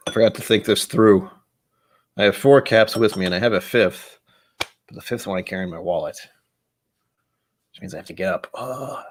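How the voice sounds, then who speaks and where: A man's voice: fairly low pitch, gravelly, a little hiss or hum. An American man hosting a casual whisky-tasting livestream from home, rambling and self-deprecating as he sets up and talks to himself. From United States. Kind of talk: casual solo livestream chat. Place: home room, seated at a desk with glasses.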